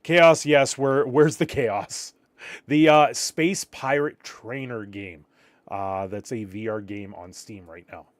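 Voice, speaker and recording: A man's voice: mid-range voice, takes it slowly, dry recording. A man from Canada, rambling through a casual live stream, reacting to viewer chat and a little tired.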